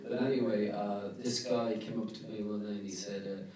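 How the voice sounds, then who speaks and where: A man's voice: fairly low pitch, fairly even intonation, fairly quick, crowd noise. A man telling joking anecdotes on stage at a question-and-answer event. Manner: warm joking storyteller, laughs at his own punchlines. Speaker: actor guest at a Q&A. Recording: roomy hall, picked up from far off.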